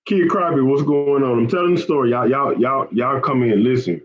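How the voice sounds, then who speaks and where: A man with a mid-range voice hosts a fishing channel, chatting casually and fairly quickly with viewers on a live stream. He's chatty and repetitive, often saying "man" and "y'all," and the audio sounds dull.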